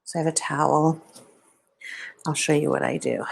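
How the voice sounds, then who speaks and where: Low-voiced woman chatting about her pet. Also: fairly even intonation, normal speed, creaky, slightly rough. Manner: chatty, talks softly to her pet lizard. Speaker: vlogger. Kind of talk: casual live-stream chat. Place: at home. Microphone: plugged-in microphone.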